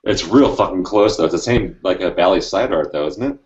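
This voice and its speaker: A man's voice: deep voice, fairly quick, darkish tone. A man in a casual podcast chat, blunt and swearing freely. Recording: dull lo-fi audio.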